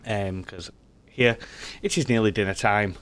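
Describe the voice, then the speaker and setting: A man's voice: lowish voice, unhurried. A man streaming a game live, chatting with viewers in a rambling, thinking-aloud way and muttering to himself as he works. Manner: mutters quietly to himself during tasks. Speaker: streamer playing a mechanic game.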